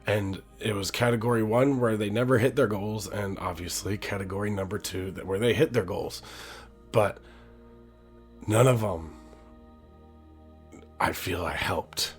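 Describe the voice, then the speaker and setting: Earnest low-voiced man telling his story. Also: steady tone, faint music behind. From Wisconsin, USA. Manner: earnest, halting, restarts sentences. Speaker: podcast host. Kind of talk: personal storytelling monologue.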